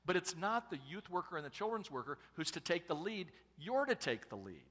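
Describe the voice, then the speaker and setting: A middle-aged man preaches to a congregation in a relaxed, joking, conversational way. His voice rises and falls a great deal, and his tone is bright and forceful. A long reverb from a large church hall trails behind each phrase. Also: high voice, brisk. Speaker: pastor and family speaker. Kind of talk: sermon.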